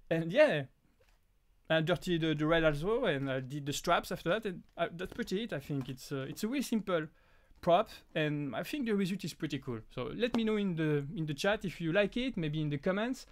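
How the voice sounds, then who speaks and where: A French-accented man, a native French speaker with a slightly high voice, hosts a prop-making channel's live stream Q&A. He talks haltingly, restarting often and leaning on lots of fillers.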